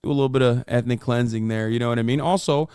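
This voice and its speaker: Profane, mocking male streamer with a smooth voice. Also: medium pitch, fairly even intonation, quick pace, no room sound, clean studio sound. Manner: profane, mocking, bursts of loud laughter. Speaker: streamer host. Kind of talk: casual reaction commentary.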